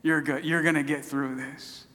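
A man voicing God and Jesus, calm and solemn, speaking low and hushed in a reverberant hall. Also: moderate pace. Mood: solemn tender.

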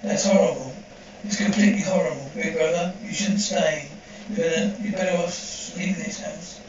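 A man's voice: a little high, moderate pace. A man reading a dubbed horror scene aloud, speaking the sound cues between the lines. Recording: distant, echoey, dull and slightly noisy.

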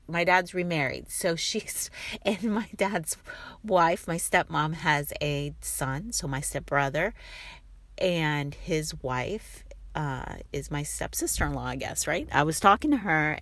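A middle-aged woman talking in a soft, rambling, reflective way, with many fillers. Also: low voice, no room sound. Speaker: vlogger. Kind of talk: reflective casual monologue.

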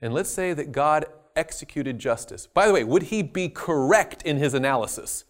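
A man preaching a sermon, telling a story with lively jokey asides. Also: on the high side, normal speed.

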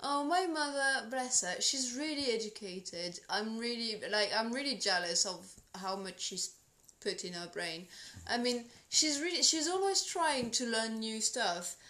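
A woman's voice: on the high side, expressive, a little slow, sharp tone, echoey room. French woman, teasing chatty co-host. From France. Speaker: podcast co-host. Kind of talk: casual chat.

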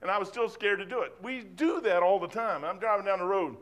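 Older guy giving a sermon, high voice, rambly folksy talk. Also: brisk, fairly bright tone. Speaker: preacher. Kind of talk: informal sermon and Bible teaching.

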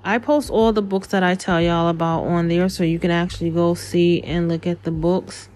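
A woman's voice: on the low side, fairly even intonation, moderate pace, a little mellow. A woman hosting a podcast and recommending books in a casual chat. She talks in a loose, chatty way with many fillers, and her voice is dry and fading from talking too much. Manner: chatty, filler-heavy, spells out names. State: losing her voice, dry throat. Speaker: podcast host.

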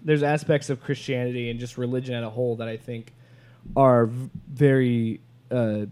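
A man's voice: medium pitch, level tone, normal speed, darkish tone, smooth. A man hosting a casual podcast chat, talking with many hesitations and restarts. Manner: hesitant, restarts, reads quotes aloud. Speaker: podcast host.

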